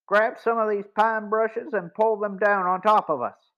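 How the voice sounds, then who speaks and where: A man's voice: high-pitched, fairly even intonation, unhurried, lo-fi sound. A man reading as a bold teen boy detective. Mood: urgent. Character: teenage boy detective, quick and commanding.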